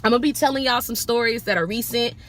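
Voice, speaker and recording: A woman who drives for a rideshare service tells a story to camera in a casual, animated way, with lots of exclamations and swearing. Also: a little high, fast talker. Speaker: rideshare driver telling stories.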